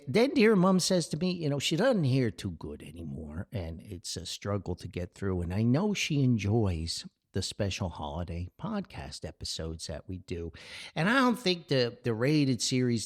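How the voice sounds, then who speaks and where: A middle-aged American podcast host with a gravelly voice rambles through family stories. His pitch swings widely, and he trips over his words and starts again. It is a loose, talky monologue. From United States. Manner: chatty and repetitive, frequent stammered restarts, breaks into laughs. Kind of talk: rambling personal storytelling.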